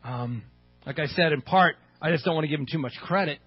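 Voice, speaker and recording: A male pastor preaching a sermon in a conversational way, asking the audience many rhetorical questions, with a slightly husky voice. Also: on the high side, fairly quick, no room sound, muffled recording, soft background music.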